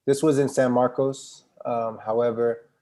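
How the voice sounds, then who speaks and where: A man's voice: medium pitch, level tone, measured pace, mellow. A young man telling stories as a podcast guest in a laid-back, slangy way. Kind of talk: casual conversation.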